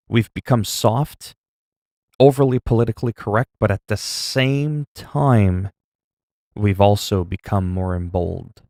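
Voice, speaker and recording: A man with a lowish voice chats casually while livestreaming a game, opinionated and rambling, swearing freely. His voice is close and dry, with no room sound at all. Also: darkish tone, dry recording. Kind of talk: casual chat while gaming.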